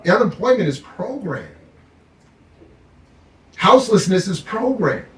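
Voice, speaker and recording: A man's voice: high voice, unhurried. Fired-up man in an echoey room. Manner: animated and emphatic, mocks others in put-on quotes. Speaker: guest speaker, professor. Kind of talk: impassioned panel talk. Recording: echoey room, mic at a distance.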